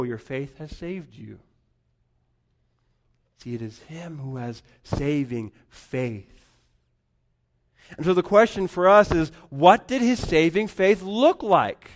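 A man preaching a sermon, rising to loud emphatic lines and dropping to near-whispers. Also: sits high. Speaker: pastor.

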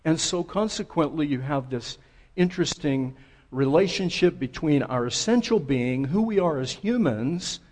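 A man preaching a sermon, telling stories in a conversational, relaxed way. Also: on the high side, moderate pace. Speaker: pastor.

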